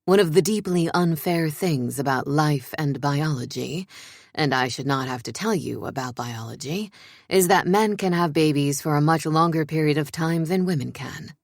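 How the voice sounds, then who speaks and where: A woman's voice: low-pitched, normal speed, no echo, studio quality, pitched below the performer's own voice. A woman voicing a stern, grave king who speaks in clipped, commanding sentences.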